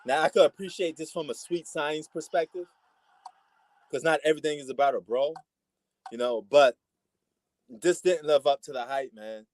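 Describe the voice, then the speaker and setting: A man's voice: fairly high pitch, normal speed, pauses often, darkish tone, no room sound. A man from New York with a New York accent, giving slangy, laid-back live commentary on a boxing match as a stream host. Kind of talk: casual live fight commentary.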